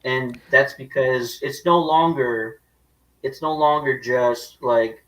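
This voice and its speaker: A man co-hosting a movie talk show, calm and explanatory in casual chat. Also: mid-range voice, distant mic, rough recording. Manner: measured, explanatory. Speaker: podcast co-host. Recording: voice a bit away from the mic.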